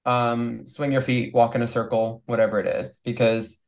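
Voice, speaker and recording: A man's voice: mid-range voice, flat delivery, moderate pace, creaky. A male drag performer joins a podcast as a guest, speaking with earnest enthusiasm. His voice sits in a middle range. The talk is casual and conversational. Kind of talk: casual chat.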